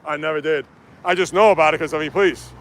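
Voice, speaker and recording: Streaming from his phone while running outdoors through city streets, a man chats casually and reads viewer comments aloud. His voice is on the high side, steady, fast and a bit bright, with a little hiss or hum in the audio.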